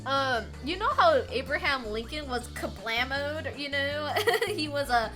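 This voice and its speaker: A woman's voice: high-pitched, a little slow, a bit bright. A young woman streaming, chatting casually, rambling, laughing often and swearing. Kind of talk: casual chat. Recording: faint music behind.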